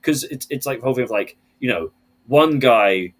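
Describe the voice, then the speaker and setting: A man on a casual podcast, ranting with animated, profane energy about a film. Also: medium pitch, normal speed.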